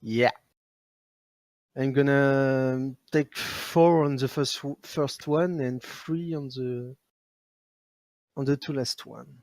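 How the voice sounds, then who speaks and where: A man playing a tabletop game, explaining his moves in an unhurried, halting way. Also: mid-range voice, fairly even intonation, a little mellow, dry recording. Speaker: player.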